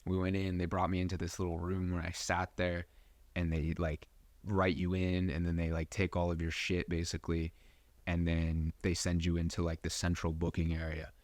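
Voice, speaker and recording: A young man with a low voice tells a rambling personal story as a podcast host. He swears a lot and drops fillers everywhere. The sound is close and dry. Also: monotone, normal speed, darkish tone, dry recording. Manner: profane, rambling, full of fillers. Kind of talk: casual storytelling.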